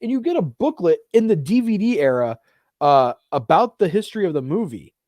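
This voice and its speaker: A man with a fairly high voice talks films in a loose, animated way, swearing freely and dropping into mocking voices. The sound is close and dry, with no room around it. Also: a little fast, dry recording. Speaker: podcast co-host. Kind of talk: casual chat about films.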